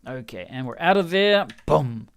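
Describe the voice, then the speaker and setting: Male streamer, higher register, chatty and excitable play-by-play. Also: normal speed. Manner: excitable, chatty, laughing often. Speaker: game streamer. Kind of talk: live game commentary.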